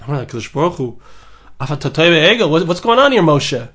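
A man teaching a Torah class, reading a midrash line by line in the original and explaining it with lively emphasis. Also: on the high side, fast, breathy edge. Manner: reads Hebrew and Aramaic text aloud then translates, lively and emphatic.

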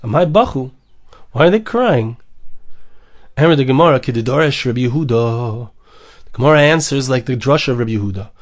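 A man's voice: medium pitch, animated, brisk. A man giving a Torah lecture, mixing in Hebrew and Aramaic phrases and repeating words for emphasis. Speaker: rabbi teaching Torah.

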